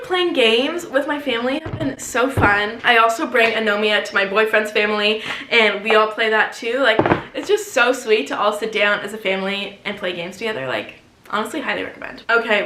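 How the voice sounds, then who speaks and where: A woman's voice: on the high side, bright, forceful tone, echoey room. A young woman vlogger chatting casually about her favorite things, full of fillers and playful asides. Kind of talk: casual chat.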